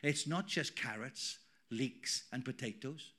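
A middle-aged man preaching a sermon in a church, emphatic, swinging between loud declarations and quiet asides. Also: mid-range voice, slow. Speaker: pastor.

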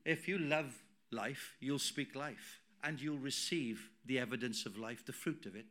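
A middle-aged man preaching a sermon in a church, emphatic, swinging between loud declarations and quiet asides. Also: medium pitch, unhurried. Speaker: pastor.

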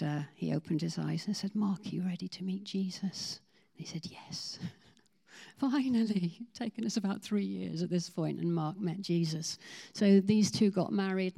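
A woman leads a sermon from the front of a church, telling stories of the people she met and playing out their words. Her voice sits low and carries a gravelly edge. The tone is mellow and warm rather than bright. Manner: animated storytelling, acting out quoted voices. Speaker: ministry team leader. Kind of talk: sermon testimony.

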